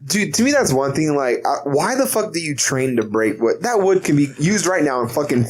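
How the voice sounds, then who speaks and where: A man's voice: on the high side, big pitch swings, brisk, a little hiss or hum. A man on a casual podcast, blunt and ranting with heavy swearing. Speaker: podcast co-host. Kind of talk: casual chat.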